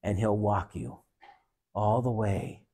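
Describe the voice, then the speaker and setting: A man's voice: fairly low pitch, steady tone, slow pace, breathy edge. A man preaching a sermon, telling a story and leading a prayer in an earnest, repetitive way. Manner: earnest, repetitive, softening to hushed.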